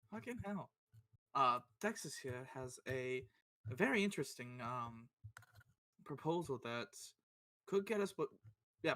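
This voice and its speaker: Bright-voiced man playing a tabletop game. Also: mid-range voice. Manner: laughing, rambling with fillers. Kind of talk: casual tabletop role-play narration.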